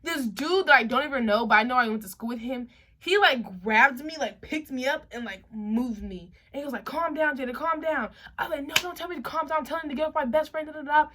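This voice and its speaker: A woman's voice: sits high, fast. A young woman vlogger telling a story in a casual, slangy way, acting out what people said. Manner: animated, slangy, acts out quotes.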